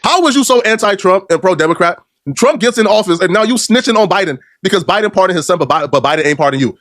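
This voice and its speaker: Fast mocking male commentator. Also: sits high, no room sound, clean studio sound. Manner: animated, mocking, slang-heavy. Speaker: commentary video host.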